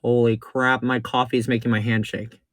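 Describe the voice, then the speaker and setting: A man giving a live makeup tutorial in a sassy, excitable way, swooping between chirpy highs and low purring asides and repeating his instructions. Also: normal speed, dry recording. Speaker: drag performer doing a makeup tutorial.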